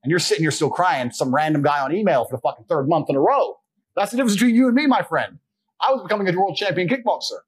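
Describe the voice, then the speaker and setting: A man's voice: on the high side, expressive, fast, breathy edge. A man giving a blunt, profane, lecturing monologue as a podcast guest. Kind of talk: forceful monologue.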